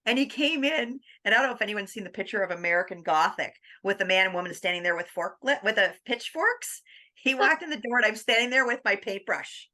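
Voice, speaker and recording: A woman guest on an interview podcast, telling her story in a lively, animated way. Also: medium pitch, brisk. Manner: animated, acts out quoted dialogue with laughs.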